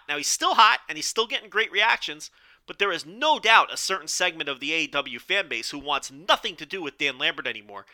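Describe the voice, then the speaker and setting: A man hosting a solo podcast, giving opinionated commentary in a rambling style with restarts and "okay?" asides, his voice strained and going hoarse. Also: on the high side, bright, forceful tone. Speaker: podcast host.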